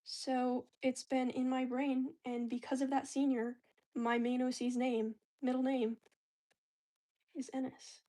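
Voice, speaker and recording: A woman's voice: sits high, level tone, unhurried, warm tone. A woman vlogging casually while she crafts, talking in a chatty, rambling way full of slang.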